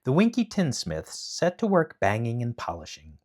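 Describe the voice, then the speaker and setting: A man reading a children's bedtime story aloud, animated and dramatic in his delivery. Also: mid-range voice, normal speed, hardly any pauses.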